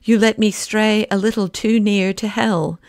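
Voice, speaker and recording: A woman's voice: medium pitch, steady tone, a little slow, darkish tone, dry recording, lightly acted. A woman reading an anguished male professor in an audiobook, speaking with despair.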